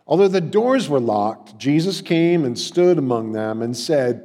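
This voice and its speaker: A man preaching a sermon in a church, conversational and halting, with restarts and mock voices. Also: mid-range voice, lively intonation, dark tone. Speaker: pastor. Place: church sanctuary. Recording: long hall reverb.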